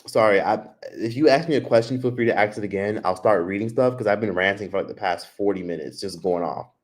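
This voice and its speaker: On a casual livestream, a host with a fairly low voice rants fast with few pauses. He speaks straight to viewers, swearing freely and drifting off on loose, unscripted tangents.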